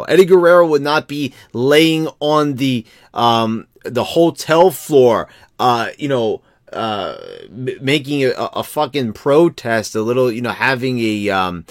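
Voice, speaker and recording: A man rants casually about wrestling as a commentary vlogger, rambling and profane, full of restarts and fillers. His voice is medium-pitched with a fairly bright tone, recorded at studio quality with no echo.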